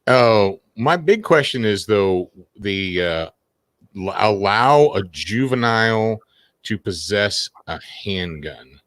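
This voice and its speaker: Male podcast guest, low pitch, lively swings, dry sound. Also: takes it slowly, dry recording. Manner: animated, acts out mocking voices. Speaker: guest panelist. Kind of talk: casual opinion chat.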